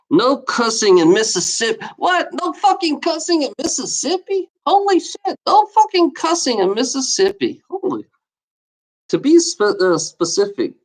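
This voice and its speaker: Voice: medium pitch, low-quality recording. A vlogger reading out odd laws and ranting about them, swearing constantly and scoffing in exasperation. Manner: scoffing laughter between readings.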